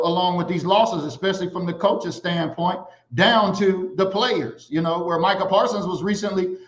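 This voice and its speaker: A man hosting a casual livestream, animated and giving shout-outs to viewers. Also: sits high. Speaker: livestream host. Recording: echoey, slightly dull sound.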